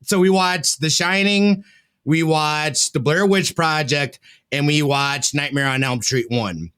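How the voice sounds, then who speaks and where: A man's voice: a little high, unhurried, fairly bright tone, clean tone. A man in his thirties co-hosting a podcast, tired after a sleepless night and telling a rambling story with laughs mixed in. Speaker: podcast co-host. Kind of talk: casual chat.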